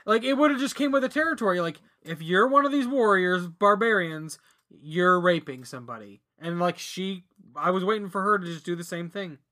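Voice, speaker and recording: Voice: medium pitch, animated, normal speed, bright, forceful tone. A podcast co-host reviewing a movie in casual banter, rambling and giggly, with lots of fillers.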